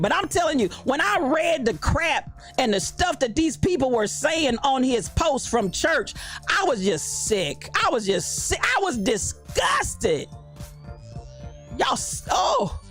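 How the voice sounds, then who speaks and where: A woman's voice: high-pitched, a bit bright. A woman hosting a livestream, ranting about church folk in a fired-up, preachy way, repeating her phrases. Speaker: host. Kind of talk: livestream commentary rant.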